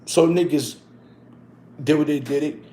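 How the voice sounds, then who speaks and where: Slangy man telling a street story, slightly high voice. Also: warm tone. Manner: slangy, loose delivery with frequent "you heard" tags; halting, self-correcting when reading text aloud. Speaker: storyteller recounting his own past. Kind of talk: casual street storytelling and reading aloud from a book.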